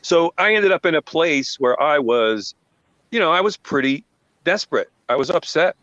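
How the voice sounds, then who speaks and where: A man's voice: a little high, animated, moderate pace, a bit bright, dry recording. Earnest man hosting a live panel. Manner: earnest, storytelling. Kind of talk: casual chat. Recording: dull, dry sound.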